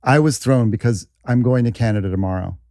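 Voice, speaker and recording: Deadpan male podcast guest. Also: medium pitch, a little fast, no room sound. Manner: deadpan, dry humor. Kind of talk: casual chat.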